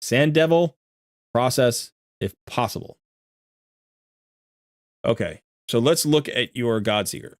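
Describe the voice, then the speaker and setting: A man's voice: medium pitch, expressive, slow pace, long pauses, dry recording. Guy streaming live, rambling chatty commentary, catches himself a lot, mid voice, dry close mic. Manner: chatty, rambling, self-correcting. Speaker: streamer reviewing viewer game accounts.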